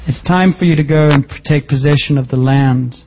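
A man preaching a sermon as a pastor, lively and joking, with sudden jumps in pitch for emphasis. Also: fairly quick, muffled recording, slight background noise.

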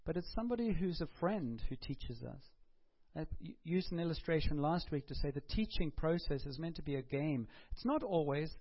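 A man's voice: on the high side, animated, moderate pace, breathy edge, dull audio. A man preaching a sermon in a conversational way, putting questions to the congregation and taking their answers. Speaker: pastor.

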